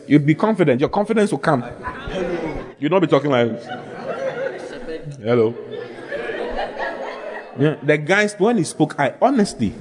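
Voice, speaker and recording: A male pastor preaching a humorous sermon, animated, joking and laughing as he talks. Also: on the high side. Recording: live with congregation heard.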